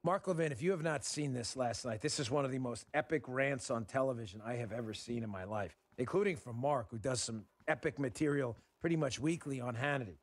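In a dry recording, a man from Texas hosts a show and vents about politics while gameplay runs. His mid-range voice moves a little fast with few pauses, and his emphatic, frustrated points often repeat.

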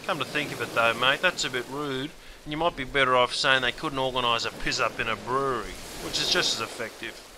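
A man's voice: mid-range voice, fairly quick, few pauses, background noise. An Australian man narrating comic explanations in a matey, exaggerated, slang-heavy way.

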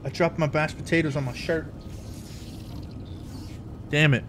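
A man hosting a casual co-op gaming session, laid-back and swearing, getting loud and excited at big moments. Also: on the high side, measured pace, noisy background. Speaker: gaming channel host. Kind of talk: casual co-op gameplay chat. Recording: game music underneath.

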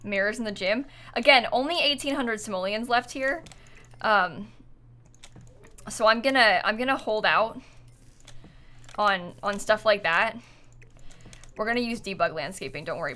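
Young female streamer, bright chatty voice, giggly storyteller, keys clicking behind. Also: medium pitch, normal speed. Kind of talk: casual livestream chat while gaming.

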